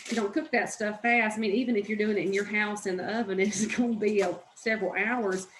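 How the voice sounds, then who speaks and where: A woman's voice: mid-range voice, fairly even intonation, a little fast, roomy sound, a little hiss or hum, low-quality recording. A woman with a Southern US accent, hosting a cooking channel from her home kitchen, folksy and opinionated as she chats through a recipe. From American South. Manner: chatty, folksy and opinionated, says "y'all". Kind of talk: casual cooking demonstration.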